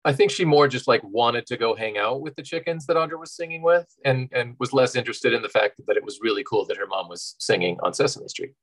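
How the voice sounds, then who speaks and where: Male actor guest, relaxed conversational storyteller, lots of ums and laughs. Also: mid-range voice, fast, few pauses, low-quality recording. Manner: easygoing, laughs often, many fillers. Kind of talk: casual interview chat.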